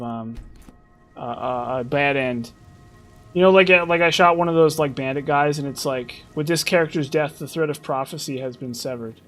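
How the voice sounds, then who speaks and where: A man streaming a game, rambling in casual commentary with many restarts. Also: medium pitch.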